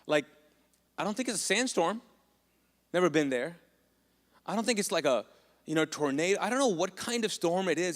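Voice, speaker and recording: A man's voice: high-pitched, animated, fairly quick. A male pastor preaching a sermon in a loose, conversational way, joking and asking the congregation questions. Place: church hall. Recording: long church reverb.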